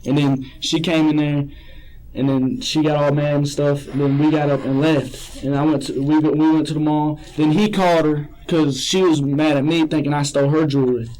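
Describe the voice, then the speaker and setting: A man's voice: a little high, level tone, normal speed, a little mellow, poor audio. A man being questioned by police, rambling and hesitant, often repeating himself. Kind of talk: police interrogation.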